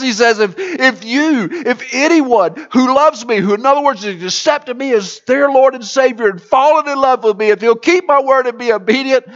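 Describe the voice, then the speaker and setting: A man preaching a sermon as pastor, swinging between loud emphatic lines and quiet near-whispered ones. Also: sits high, lo-fi sound.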